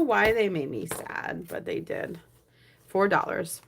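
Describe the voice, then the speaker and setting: A young woman vlogging a savings challenge, chatting casually and counting money aloud, often dropping to a soft murmur. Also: medium pitch, expressive, slow pace, gravelly, slight background noise. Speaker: budgeting vlogger.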